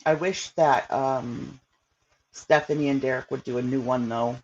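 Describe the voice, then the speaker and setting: A woman's voice: rumbling low, steady tone, measured pace, darkish tone, muffled recording, slight background noise. A woman hosting a casual livestream, chatting with viewers in a rambling way with lots of fillers. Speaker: livestream host.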